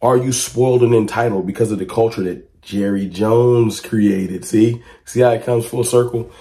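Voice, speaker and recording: A man giving casual fan commentary to camera, talking emphatically and asking a stream of rhetorical questions. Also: moderate pace. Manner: rises to excited high-pitched exclamations when reacting to clips.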